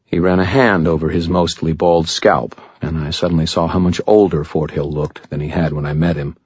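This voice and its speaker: A man's voice: low voice, steady tone, brisk, hardly any pauses, slightly rough, no echo, lo-fi sound. A man narrating a story in the first person with a wry, sardonic delivery. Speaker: audiobook narrator.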